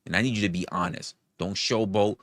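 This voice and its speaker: A man hosting a live stream, ranting and arguing with chat, swearing often, firing off rhetorical questions and shouting out donors. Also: fairly low pitch, steady tone, brisk, dry recording, clean studio sound. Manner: profane, argumentative, fires rhetorical questions; reads out and thanks viewer donations. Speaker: livestream host. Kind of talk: live-stream commentary and rant.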